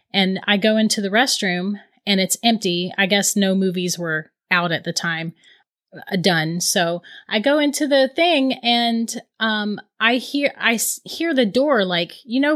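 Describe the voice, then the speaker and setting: A woman in her thirties telling a ghost story in casual chat, animated and laughing often. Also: medium pitch.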